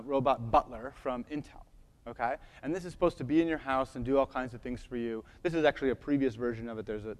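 A man's voice: medium pitch, a little mellow. Man lecturing in a reverberant hall, mid-range voice, chatty with filler words, keeps checking in with the crowd. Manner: casual, many fillers, checks in with audience. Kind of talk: conference talk.

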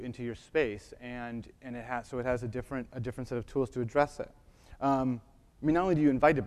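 A man's voice: mid-range voice, clear, resonant tone. A man giving a casual talk to an audience, with many fillers and frequent check-ins with his listeners. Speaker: lecturer. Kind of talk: conference talk. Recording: reverberant lecture hall.

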